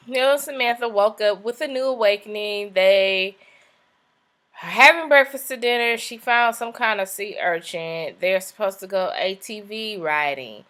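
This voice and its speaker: A woman's voice: medium pitch, moderate pace, a bit bright. A young woman casually recapping a reality show, chatty, with sassy asides and acted-out quotes.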